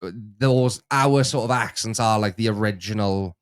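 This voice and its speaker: A man's voice: on the low side, normal speed, clean tone, no echo, studio quality. A young man with a Welsh accent tinged with Bristol, chatting as co-host and thinking aloud with lots of likes and ums. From Wales. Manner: thoughtful, full of likes and ums. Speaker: co-host, son of the host. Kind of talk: casual chat.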